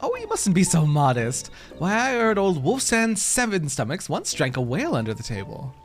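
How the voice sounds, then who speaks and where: Man reading coy flattering female spy, sugary, lilting and high. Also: moderate pace, soft background music. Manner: sugary mock-admiring tone. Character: coy flattering young woman spy, sly.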